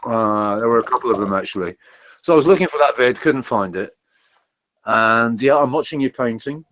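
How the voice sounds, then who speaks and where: A man's voice: mid-range voice, normal speed, a bit bright, dry recording. An English man chatting on a video call, rambling and hesitant with many fillers, slightly asthmatic. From England. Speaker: viewer on a live call. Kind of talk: casual chat.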